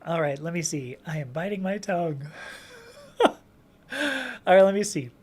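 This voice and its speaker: A woman's voice: lowish voice, moderate pace, a little mellow. A woman hosting a casual livestream Q&A, chatting and reading viewer comments aloud with frequent laughs and restarts. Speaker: livestream host answering chat questions.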